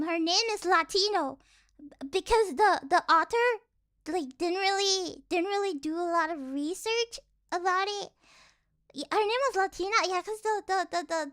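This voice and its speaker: A woman's voice: extremely high pitch, a bit bright. A young woman streamer chatting casually, rambling with lots of "like" and restarts, playful and mocking. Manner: rambling, heavy use of "like", many restarts.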